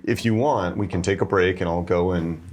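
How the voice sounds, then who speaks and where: A man's voice: sits low, moderate pace, a little hiss or hum. A man co-hosting a casual office chat, ribbing the host dryly with rambling asides.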